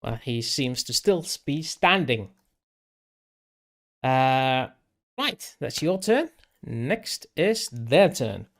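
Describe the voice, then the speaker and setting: A man running a tabletop game as game master, speaking haltingly with frequent restarts. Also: mid-range voice, sing-song. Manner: halting, with many restarts and laughs.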